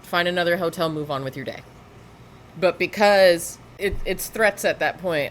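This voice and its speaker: A woman's voice: fairly low pitch, moderate pace, slight background noise. A woman giving sarcastic, lecturing reaction commentary over police footage.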